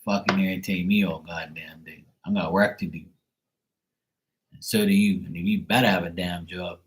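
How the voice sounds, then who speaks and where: A man's voice: low-pitched, steady tone, normal speed, poor audio. A middle-aged man talking casually and profanely on a late-night livestream, blunt and rambling. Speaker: livestream tarot reader.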